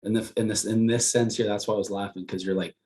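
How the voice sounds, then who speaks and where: A man with a lowish voice co-hosts a casual podcast. He jokes and talks with enthusiasm. He asks questions with energy. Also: fairly even intonation, quick pace, a little mellow. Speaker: podcast co-host.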